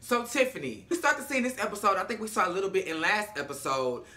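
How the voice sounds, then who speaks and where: A vlogger recapping a TV episode in a sassy, animated, profane storytelling manner. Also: mid-range voice, fast talker.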